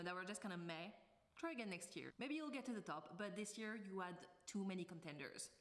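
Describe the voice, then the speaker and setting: A woman book vlogger talking to camera in a casual, chatty way, drifting into tangents and laughing often. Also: mid-range voice.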